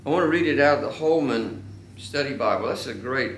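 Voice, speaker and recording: Earnest male pastor mid-sermon, drawn-out emphasis; reverberant church sound. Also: medium pitch, lively intonation, a little hiss or hum. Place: church sanctuary. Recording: echoey church room.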